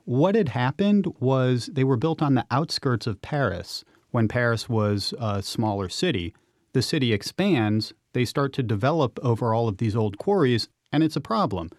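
A man's voice: mid-range voice, lively intonation, moderate pace, no room sound, studio quality. A man, an urban explorer and author, telling vivid, enthusiastic stories as a guest on a radio interview.

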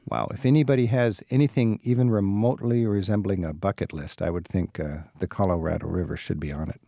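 A man's voice: low voice, steady tone, fairly quick, gravelly, warm tone, dry recording, clean studio sound. A man hosting a radio travel show, asking curious questions and reading show links. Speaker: radio host.

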